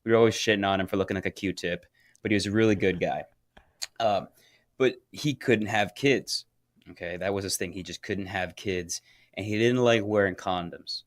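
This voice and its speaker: A man co-hosting a podcast, telling a crude story in casual chat and getting loud when he quotes people. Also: on the low side, moderate pace, dry recording, clean studio sound. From Florida. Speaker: podcast co-host.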